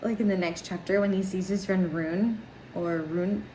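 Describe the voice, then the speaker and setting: A woman's voice: mid-range voice, fairly even intonation, moderate pace, warm tone. A woman talking casually about a book she is reading, rambling with ums and laughter, at home. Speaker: book vlogger. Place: home with cats and laundry running. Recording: echoey home room with faint noise.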